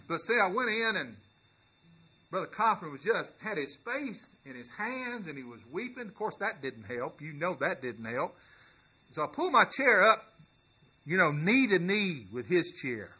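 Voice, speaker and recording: Man, pastor, sermon story, earnest, halting restarts, emphatic swells, tense bright tone. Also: high-pitched, big pitch swings, husky. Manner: rises to emphatic preaching.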